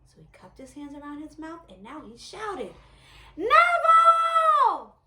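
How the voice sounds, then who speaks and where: Woman storyteller for kids, high and lively, echoey room. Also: moderate pace, heavy background noise. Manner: expressive, animated. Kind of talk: children's story reading. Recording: roomy echo.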